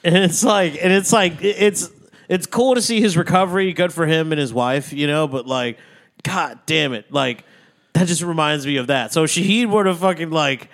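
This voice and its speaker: A man with a high-leaning, somewhat bright voice co-hosts a podcast at a moderate pace. The chat is casual, and he jokes, swears, and laughs a lot.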